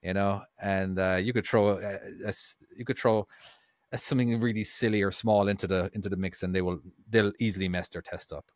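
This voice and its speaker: A man co-hosting a podcast in casual chat, talking in a relaxed, halting way. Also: lowish voice, no room sound, clean studio sound. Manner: relaxed, hesitant with fillers and restarts, joking. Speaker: podcast co-host.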